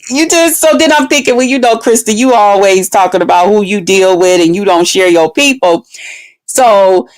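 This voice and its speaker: A woman, telling a story in a casual vlog, animated and swearing, acting out quotes with big swings in her voice. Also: medium pitch, moderate pace. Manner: swears freely, talks straight to her viewers.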